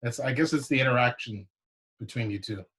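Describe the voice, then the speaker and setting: A man co-hosting a casual podcast, relaxed and easygoing. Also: mid-range voice, brisk. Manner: relaxed, laughs easily. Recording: noisy call line.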